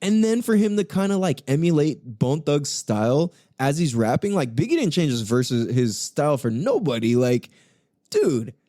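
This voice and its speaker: A young man hosts a casual podcast, telling stories in a loose, profane, fired-up way. His voice is fairly high for a man and swings widely in pitch. The sound is mellow and the recording is close and dry. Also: big pitch swings, normal speed, no room sound. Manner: loose, profane, enthusiastic storytelling with frequent laughs. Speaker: podcast host. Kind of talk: casual solo podcast talk.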